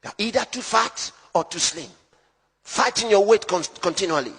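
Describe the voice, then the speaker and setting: A man preaching a sermon as pastor, emphatic, swinging between loud shouts and low hushed lines. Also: lively intonation, normal speed, slightly rough, long reverb tail.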